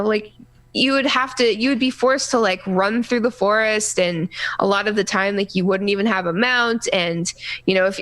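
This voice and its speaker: A woman co-hosting a casual gaming podcast, talking in a rambling, halting way full of restarts and fillers. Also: mid-range voice, fairly bright tone. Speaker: podcast co-host.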